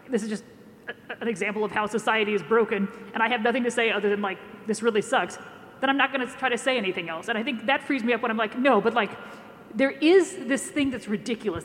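A young adult woman, a comedy writer, chatting on a panel in an animated, self-deprecating way. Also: on the high side, a little hiss or hum. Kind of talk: casual panel conversation. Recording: long hall reverb.

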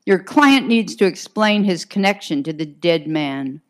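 A woman's voice: on the low side, animated, measured pace. A woman voicing an impatient male police lieutenant who asks curt, demanding questions. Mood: gruff.

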